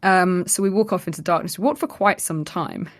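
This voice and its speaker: A woman's voice: lowish voice, fairly quick. A woman co-hosting a podcast, chatting casually and recounting a live-action role-play event with lots of laughter and acted-out quotes. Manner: animated storyteller, acting out quotes, laughing often. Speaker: podcast co-host.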